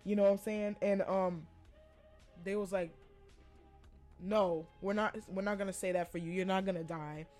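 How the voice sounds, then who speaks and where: A young woman hosting a podcast, casually telling a personal story with lots of animated asides and quoted voices. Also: medium pitch, normal speed, pauses often, faint music behind. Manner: chatty, animated retelling with quoted voices and laughs. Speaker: podcast host.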